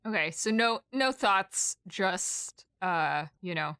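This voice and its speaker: A woman chatting on a podcast with a curious, questioning manner. She often pokes fun at her own gaps in knowledge. Her voice is mid-pitched and recorded dry and close. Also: expressive, slow pace, bright, forceful tone, clean tone, no room sound. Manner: curious, asks questions, self-deprecating. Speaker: podcast co-host. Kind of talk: casual podcast chat.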